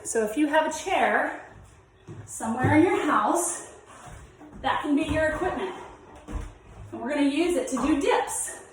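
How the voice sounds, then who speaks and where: A woman's voice: high-pitched, lively intonation, unhurried, long pauses, faint music behind. A young woman teaching a home workout, demonstrating the moves as she talks and sounding out of breath. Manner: encouraging, demonstrating while talking. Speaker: fitness instructor. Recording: very echoey room, mic from far off.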